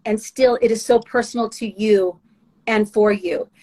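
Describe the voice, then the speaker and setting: Brief: earnest woman guest, a touch high-pitched, emotional testimony with halting restarts. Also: fairly even intonation, dark tone, poor audio. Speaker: guest sharing faith testimony. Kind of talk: heartfelt spoken testimony.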